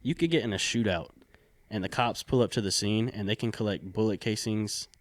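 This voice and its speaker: A man's voice: lowish voice, a little fast. A man co-hosting a podcast, chatting casually in a loose, rambling way with offhand swearing. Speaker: podcast co-host. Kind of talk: casual chat.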